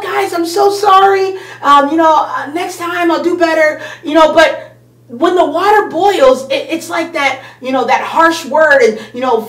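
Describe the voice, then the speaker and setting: A high-voiced woman leads a children's Bible lesson in an upbeat, conversational way, full of homey examples. She sounds a little away from the mic, and the room gives her voice a clear echo. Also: a bit bright, distant mic. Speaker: children's church host.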